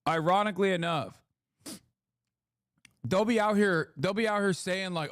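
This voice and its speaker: A man's voice: on the high side, normal speed, dry recording, studio quality. A young man streaming, ranting casually with sarcastic, profane mockery.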